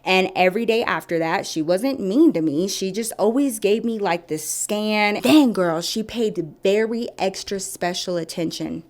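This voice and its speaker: A woman's voice: mid-range voice, a little slow, hardly any pauses. A woman in her thirties telling a story to her viewers in a chatty, sassy way, calling them girl and y'all. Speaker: storytime vlogger.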